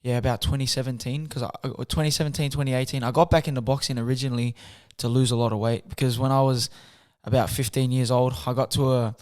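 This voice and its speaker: A soft-spoken young man, telling his story in a casual interview. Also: mid-range voice, steady tone, fast, few pauses. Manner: soft-spoken, chatty, acts out quotes with slang. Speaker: guest, boxer.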